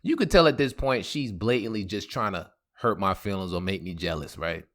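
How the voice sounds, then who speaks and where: A man's voice: sits low, fairly quick. A man telling a personal story in a casual, slangy vlog, laughing often. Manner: animated, slangy, laughing a lot.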